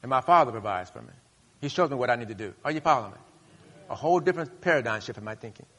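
A male pastor preaching a sermon, leading the congregation in call-and-response and rising to loud, high bursts. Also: animated, racing. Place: church sanctuary. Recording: long hall reverb.

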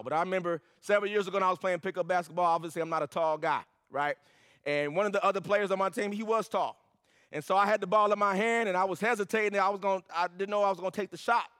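A man's voice: high-pitched, a bit bright, big-room sound. A man preaching a sermon as pastor, building to emphatic, repeated lines.

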